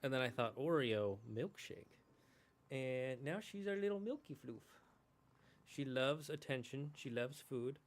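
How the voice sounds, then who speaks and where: A man's voice: medium pitch, a little slow. A man streaming a game, chatting in a casual, rambling way and talking affectionately to his cat. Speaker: gaming streamer. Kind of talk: casual chat.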